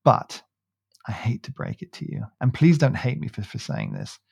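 A man's voice: mid-range voice, wildly swooping pitch, normal speed, vocal fry, a little mellow, breathy edge, no room sound. Man, podcast host, casual chat, jokey, laughs a lot, dry sound. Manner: jokey storytelling, laughs often.

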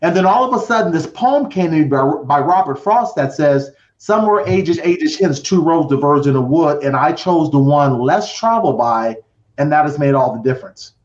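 A man's voice: a little high, expressive, moderate pace, darkish tone. A middle-aged man telling his personal story with drama as a podcast guest, acting out voices and counting down. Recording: roomy, dull lo-fi sound.

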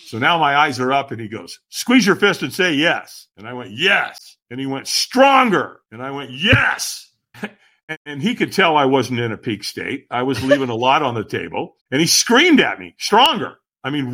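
Animated, bright-voiced man telling a story. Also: on the high side. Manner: lively, dramatic retelling with acted-out quotes. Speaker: podcast guest.

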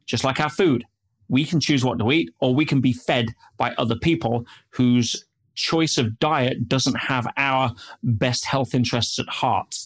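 A man's voice: mid-range voice, measured pace, husky. A man speaking as an interview guest, telling stories animatedly and dropping in frequent "yeah"s and "you know"s. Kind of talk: interview storytelling.

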